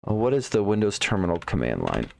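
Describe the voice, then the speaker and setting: A man's voice: lowish voice, huge pitch swings, fast, gravelly, darkish tone. A man streaming live, thinking aloud while debugging code, muttering to himself, trailing off and repeating words.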